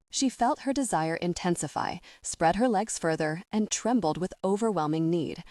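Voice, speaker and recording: A woman narrates a romance audiobook in a steady, even read. Her voice sits on the lower side. The recording is dry and close, with no room sound. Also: normal speed, few pauses, no echo.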